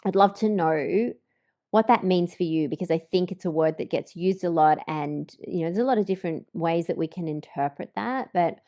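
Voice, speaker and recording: A woman with a mellow, fairly low voice hosts a relaxed interview. She speaks reflectively, often easing off and growing quiet at the ends of her phrases. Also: moderate pace. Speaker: podcast host. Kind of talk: conversational interview.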